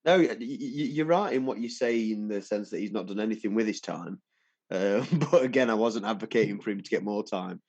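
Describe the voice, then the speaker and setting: A man in his thirties co-hosting a casual football podcast, chatty and relaxed with lots of fillers. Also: lowish voice, a little fast, husky, dry recording, muffled recording. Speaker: podcast co-host.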